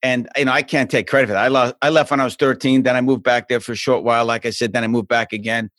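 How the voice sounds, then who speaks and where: Speaking fast on a remote call mic with no echo, a TV host in his fifties guests on a podcast for a casual remote interview. Hailing from South Boston, USA, with a Boston accent, he tells stories animatedly and jumps into a higher pitch.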